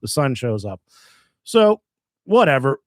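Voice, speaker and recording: Casting: comedian from Maryland, animated storyteller, dry close sound. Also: male voice, medium pitch, measured pace, dry recording. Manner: animated storyteller, acts out dialogue. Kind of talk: casual podcast storytelling.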